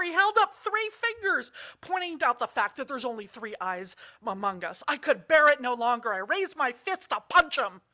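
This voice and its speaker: A woman's voice: on the high side, sharp tone. A woman voicing an offended one-eyed young male monk in a parable, speaking in a huffy, indignant way.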